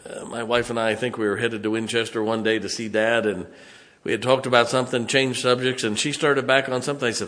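A man's voice: mid-range voice, fairly quick, a bit bright, long reverb tail. A middle-aged male pastor, preaching a sermon in a church with folksy, conversational stories. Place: church sanctuary.

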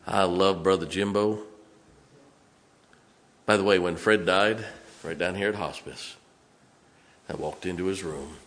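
Deep-voiced preacher. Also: male voice, steady tone, a little slow, long pauses. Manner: folksy, swings from loud to hushed. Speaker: pastor. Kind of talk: storytelling sermon. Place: church sanctuary.

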